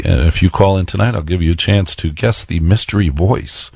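A man's voice: low-pitched, fairly quick, vocal fry, a little mellow, husky, no echo. A man hosting a radio talk show, telling a story and asking listeners rhetorical questions. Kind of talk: radio monologue.

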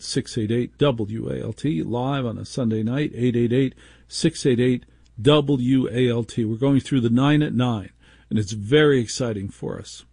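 Radio call-in host guy, husky voice, chatty, pokes fun at himself. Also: medium pitch, warm tone, no room sound, studio quality. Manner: chatty, self-mocking. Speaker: radio talk show host.

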